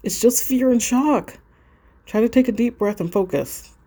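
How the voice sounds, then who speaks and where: A woman's voice: on the high side, moderate pace, mellow, voice pushed up, natural voice. A woman reading the lines of a worried, loyal teenage girl who keeps asking urgent questions.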